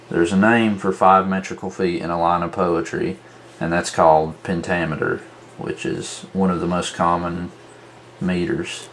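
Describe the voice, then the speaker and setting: Slow, low-voiced man teaching. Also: fairly bright tone, a little hiss or hum. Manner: slow, methodical, counting out examples. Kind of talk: explaining at a whiteboard.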